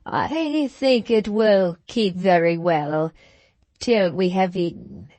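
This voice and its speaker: A woman voicing a guarded, evasive man in a storybook, speaking in a slow, measured way. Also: fairly low pitch, lively intonation, darkish tone, dry recording.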